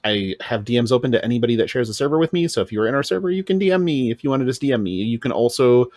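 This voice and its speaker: A man's voice: medium pitch, lively intonation, racing, darkish tone, no echo. A man co-hosting a podcast in casual chat, rambling and teasing. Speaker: podcast co-host.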